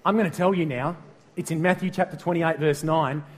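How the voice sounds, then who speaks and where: A middle-aged man with an Australian accent delivers a sermon, his voice sitting a little high. He is playful and animated, asking the congregation questions and getting them to repeat words back to him. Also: fairly quick. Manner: lively, playful, addresses the congregation directly. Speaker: pastor.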